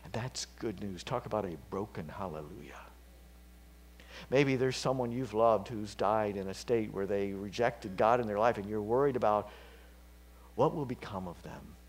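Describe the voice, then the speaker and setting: A man preaching a sermon, casual and chatty, dropping to whispers and climbing to loud, fervent peaks. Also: on the low side, normal speed. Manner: conversational, with fillers and slips.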